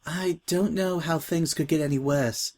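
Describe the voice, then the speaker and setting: A man's voice: on the high side, sing-song, unhurried, slightly rough, pitched above the performer's own voice, full character voice. A man doing a prim, timid young filly. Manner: polite, formal, tearful and hesitant.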